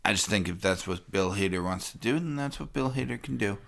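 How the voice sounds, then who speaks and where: A man's voice: lowish voice, fairly quick, gravelly, a bit bright. A man co-hosting a podcast, talking in a rambling, self-interrupting way and laughing often. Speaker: podcast co-host. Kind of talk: casual chat.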